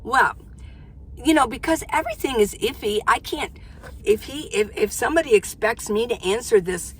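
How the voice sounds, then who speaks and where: A woman's voice: a little high, normal speed, breathy edge. Chatty older woman vlogging. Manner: chatty, self-interrupting, exclamatory. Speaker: van life vlogger. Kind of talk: casual chat to camera. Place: inside her minivan.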